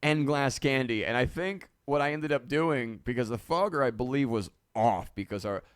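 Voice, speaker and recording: A man's voice: medium pitch, moderate pace, clean tone, no echo, clean studio sound. A man hosting a livestream as a live sound engineer, rambling and joking, swearing, and bursting into mock panic.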